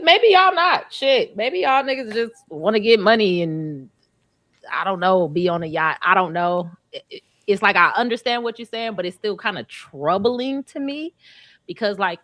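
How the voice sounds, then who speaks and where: Woman with a low voice on a dry mic. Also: a bit bright, no echo. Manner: thoughtful, reflective, casual slang. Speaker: podcast panelist. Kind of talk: casual panel chat.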